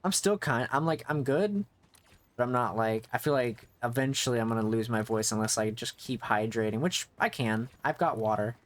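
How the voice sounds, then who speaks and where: A man live-streaming a video game, chatting casually as he plays. He rambles and often stops mid-sentence to correct himself. His voice sits at an ordinary middle pitch. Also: moderate pace. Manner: rambling, restarts mid-thought, self-correcting. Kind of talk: casual gameplay commentary.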